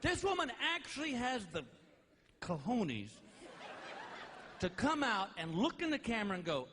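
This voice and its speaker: A man doing stand-up comedy, telling animated stories with exasperated outbursts. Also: high voice, unhurried, a little hiss or hum.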